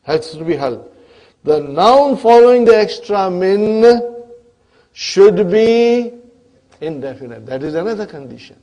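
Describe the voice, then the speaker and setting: A man's voice: high-pitched, lively intonation, unhurried, mellow. A man teaching an Arabic grammar class, often checking in with the students and answering his own questions. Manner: keeps checking in with the class, asking "huh?" and "are you with me?"; asks the students questions and then answers them himself. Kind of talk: classroom lecture.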